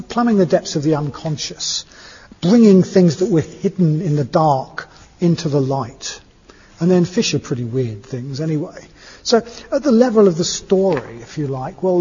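Breathy man giving a dharma talk. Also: on the high side, a little mellow. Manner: conversational, seeking agreement with tag questions. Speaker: Buddhist teacher. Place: meeting hall with a live audience. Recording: dull lo-fi recording in an echoey hall.

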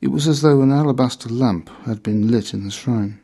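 A man reading a memoir aloud in measured, deliberate scripted narration. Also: mid-range voice, warm tone, slightly rough.

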